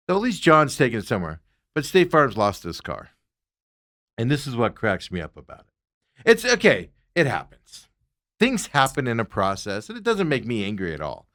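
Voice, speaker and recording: Host, man, lively pitch, exasperated storyteller, casual chat. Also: moderate pace. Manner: animated storytelling, exasperated rants. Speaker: radio show host.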